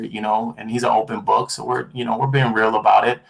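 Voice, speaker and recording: A man's voice: lowish voice, little pitch movement, fairly quick, gravelly. A middle-aged man giving a motivational talk. He repeats key lines for effect and acts out quoted dialogue in a livelier voice. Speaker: motivational speaker.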